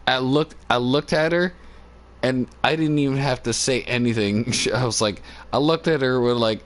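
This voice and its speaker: A man chatting casually on a livestream into a phone, laughing often and talking in loose, halting, filler-filled sentences. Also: medium pitch. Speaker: live streamer. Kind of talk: rambling casual chat. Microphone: phone on a cord.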